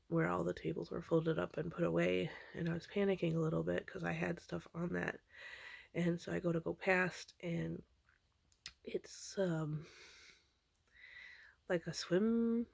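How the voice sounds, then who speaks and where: A woman with a heavy, gravelly fry in her voice talks through a dream she had, rambling and low-key, full of ums and restarts. She is recorded close and dry, with no room sound around her. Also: a little mellow, dry recording. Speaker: vlogger recounting a dream. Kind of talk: casual spoken dream recounting.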